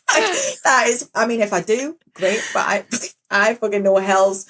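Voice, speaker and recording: A woman, a podcast guest chatting casually, blunt and quick to laugh and swear. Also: mid-range voice, fairly bright tone. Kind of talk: casual chat.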